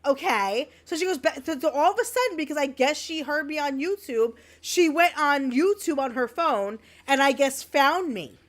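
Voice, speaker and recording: Woman, high voice, podcast co-host, brash, swears a lot, casual chat. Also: lively intonation, normal speed, hardly any pauses. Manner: brash storyteller, swears freely.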